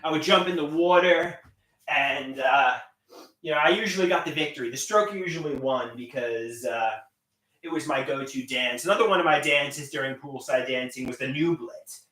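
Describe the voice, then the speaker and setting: A man's voice: mid-range voice, normal speed, distant mic. Goofy man rambling in an echoey room. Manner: goofy, self-mocking, bursts into shouted singing. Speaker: livestreamer. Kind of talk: rambling live stream chat with silly singing. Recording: echoey room, voice set back from the mic.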